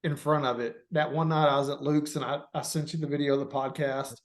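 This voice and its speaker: A man's voice: a little high, little pitch movement, quick pace. A man from Texas hosting a podcast, casual and agreeable. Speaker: podcast host. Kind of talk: casual chat.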